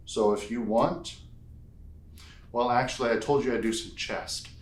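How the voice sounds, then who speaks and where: A male fitness instructor talks slowly and patiently through a strength routine, counting each rep out loud. His voice sits at an ordinary pitch. The room around him rings with echo. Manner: counts reps aloud, playful asides. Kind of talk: guided workout instruction. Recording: echoey room.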